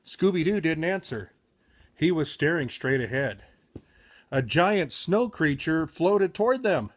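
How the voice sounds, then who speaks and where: A man's voice: fairly high pitch, expressive, unhurried. A man reading a children's picture book aloud with frequent slips and self-corrections.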